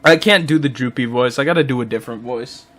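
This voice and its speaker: This man co-hosts a podcast, chatting casually as they play a game, joking and wandering off on tangents with quick asides. He speaks at a medium pitch in a fairly bright voice.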